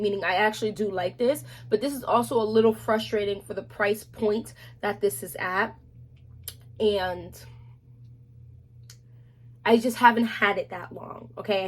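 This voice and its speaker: A woman's voice: fairly high pitch, husky. Chatty woman reviewing beauty products. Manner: chatty, animated, slangy asides. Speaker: beauty vlogger. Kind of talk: casual product review chat.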